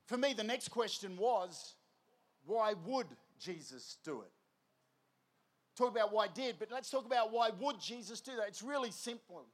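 High-voiced preacher. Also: male voice, moderate pace. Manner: lively storytelling with crowd prompts. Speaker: youth preacher. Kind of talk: energetic festival sermon.

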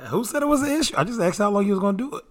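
A man's voice: sits high, expressive, rapid-fire. A man co-hosting a casual podcast, playful and teasing, laughing often. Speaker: podcast co-host.

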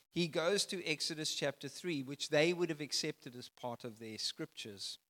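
A man preaching a sermon, emphatic, swinging from loud declarations to soft, quiet phrases. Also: on the high side, in a large hall. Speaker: pastor.

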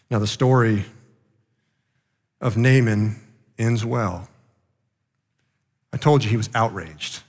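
A male pastor preaching a sermon with passion, rising loud and then dropping quiet. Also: medium pitch, long reverb tail.

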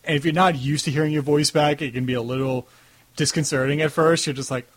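A man's voice: a little high, steady tone, fast. A man with a Long Island accent hosting an interview, easygoing and chatty, laughing along. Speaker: podcast host. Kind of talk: casual interview chat.

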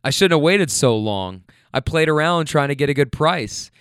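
A man's voice: a little high, lively intonation, moderate pace, clear, resonant tone, dry recording, clean studio sound. A man quoting a proud woman in recovery. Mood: heartfelt. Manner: warm, heartfelt.

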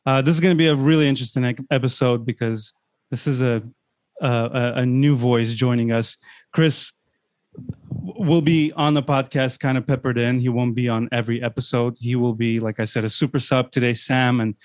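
An energetic man hosts a football podcast in a casual chat, often restarting his sentences. His pitch sits in the middle range. The sound is close and dry. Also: normal speed, dry recording. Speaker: podcast host.

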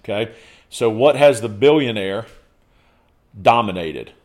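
Man, podcast guest, casual conversation, low-pitched, emphatic, lists points. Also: lively intonation, unhurried.

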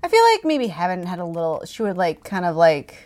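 A woman's voice: fairly low pitch, sing-song, brisk, darkish tone. A young woman co-hosting a casual book discussion, reading passages aloud and making wry, playful jokes. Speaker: podcast co-host.

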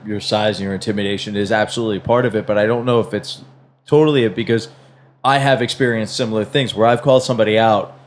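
A man's voice: on the low side, a little hiss or hum. A man co-hosting a podcast, chiming in with profane agreement in casual chat. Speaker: podcast co-host.

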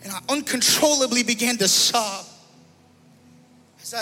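In a big-room church sanctuary with soft background music, a pastor with a very high voice preaches at a measured pace. His sermon is a personal testimony full of repetition, rising in emotion and volume.

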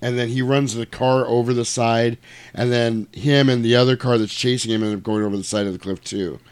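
A man casually retelling a movie plot in chat, animated and swearing, acting out lines in put-on voices. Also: mid-range voice, fairly quick, clean tone.

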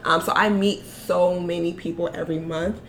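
Young woman guest, chatty, laughs a lot, slightly low voice. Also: moderate pace. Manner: chatty, animated, laughs often, many "like" fillers. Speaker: guest, small business owner. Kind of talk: casual interview chat.

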